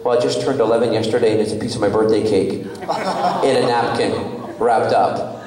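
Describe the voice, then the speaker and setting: A polite, humble young boy, soft and shy, who calls everyone sir, as a man telling a story puts him on. The words ring out from across a large hall with a long, booming echo. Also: moderate pace, crowd noise, lightly acted. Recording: echoey convention hall, mic from far off.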